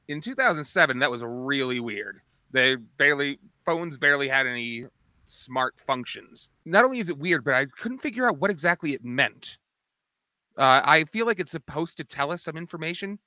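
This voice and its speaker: A man co-hosting a casual podcast, musing deliberately with some fillers. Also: a little high, pushed and bright, no echo. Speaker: podcast co-host.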